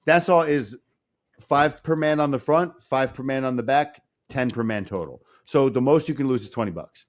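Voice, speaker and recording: A man's voice: medium pitch, moderate pace. A man co-hosting a casual podcast, telling a story with lots of swearing and acted-out dialogue. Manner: animated, swearing, acts out dialogue. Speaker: podcast co-host.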